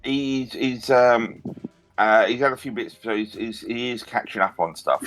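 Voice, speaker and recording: A man chatting loosely at a tabletop game, rambling and mimicking others with quick voices. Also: medium pitch, fairly bright tone, faint music behind. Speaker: dungeon master. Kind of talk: casual chat at a tabletop game.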